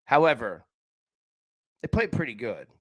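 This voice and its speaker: Host of a betting stream: man, mid-pitch, casual slangy delivery, dry close mic. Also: big pitch swings, unhurried, a bit bright, dry recording. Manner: casual, talks to chat viewers with slang like buddy and man; frequent fillers and restarts. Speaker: sports betting show host. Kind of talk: live-stream betting picks chat.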